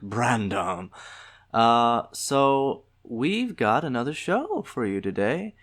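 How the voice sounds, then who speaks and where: Nasal, halting Southern man. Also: fairly low pitch, fairly bright tone, clear, resonant tone. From American South. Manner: halting, many filler words and restarts. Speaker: podcast host. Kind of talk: solo podcast monologue.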